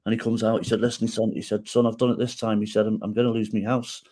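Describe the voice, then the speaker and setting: A man's voice: on the low side, fast. A middle-aged man telling a personal story as a podcast guest, acting out the quoted dialogue and checking in with the listener as he goes. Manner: animated storyteller who acts out quoted dialogue and tags lines with "right?".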